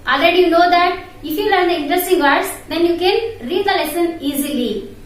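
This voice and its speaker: A woman with an Indian English accent teaching an online English class to young children, spelling each word letter by letter and repeating it. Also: very high voice. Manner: slow, spells words letter by letter and repeats them. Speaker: primary school English teacher. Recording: echoey room, distant mic, faint noise.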